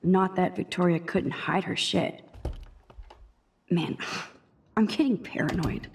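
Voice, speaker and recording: A woman's voice: on the low side, slow pace, a little mellow, slight background noise. An actress voicing a dry, sardonic teenage girl student in a video game. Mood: wry. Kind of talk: game character dialogue.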